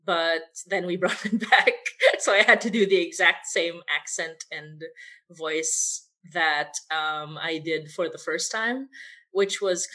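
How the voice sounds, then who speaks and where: A woman's voice: on the low side, slow pace, pushed and bright. A woman who writes and voices an audio drama, chatting casually with frequent laughs and rambling asides. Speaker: podcast writer and voice actor. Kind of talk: casual behind-the-scenes chat.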